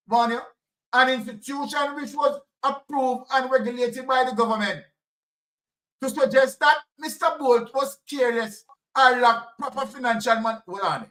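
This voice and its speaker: A man's voice: very high voice, sharp tone, recorded from a distance, low-quality recording. A man with a Jamaican accent hosting heated political commentary, firing off rhetorical questions in patois. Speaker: host.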